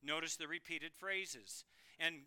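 Man, preacher, sermon, high voice, very bright and crisp tone, emphatic then hushed. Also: a little slow. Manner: earnest, emphatic, swings from loud declarations to hushed quiet phrases.

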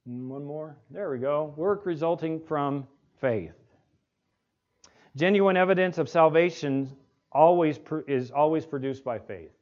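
Guy preaching a sermon, kinda high voice, keeps asking the crowd questions, muffled lo-fi sound. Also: darkish tone. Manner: asks the congregation rhetorical questions, slows words down for emphasis. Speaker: pastor. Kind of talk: expository sermon. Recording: dull lo-fi recording.

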